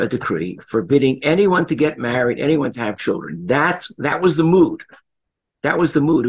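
A man's voice: mid-range voice, husky, low-quality recording. An older man, a rabbi, giving an earnest Torah lecture, retelling stories and repeating key phrases for emphasis.

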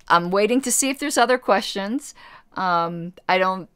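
A woman's voice: medium pitch, a little slow, a bit bright, clear, resonant tone, dry recording. Chatty woman answering a livestream chat. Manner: chatty, rambling self-corrections, blunt asides. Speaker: party committee member hosting a livestream. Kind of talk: casual livestream Q&A, reading chat.

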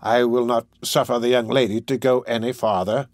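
Steady, soothing old-fashioned gentleman, voiced by a male narrator, mid-pitched, dry sound. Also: dry recording, lightly acted. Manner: measured, soothing. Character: kindly older gentleman, calm and reasoning.

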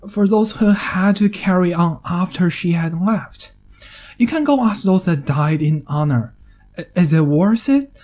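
Man, English speaker, essay narration: mellow, dry humor, hesitant fillers. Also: on the high side. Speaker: video essayist. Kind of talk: scripted monologue.

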